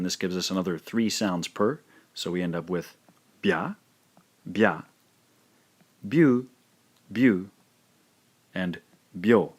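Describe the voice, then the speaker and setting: A man teaching a language lesson, patiently saying each sound twice in a careful, drawn-out way. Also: deep voice. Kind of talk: slow, careful spoken lesson.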